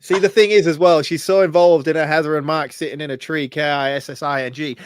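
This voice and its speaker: A man's voice: a little high, fairly even intonation, quick pace, smooth, dry recording. A male podcast co-host in casual chat, teasing and laughing as he talks.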